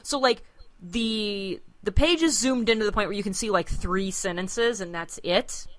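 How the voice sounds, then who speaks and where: A woman's voice: medium pitch, moderate pace. A woman co-hosting a podcast, telling a work story in casual chat and acting out the quotes. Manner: chatty storyteller, acts out quotes. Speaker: podcast co-host.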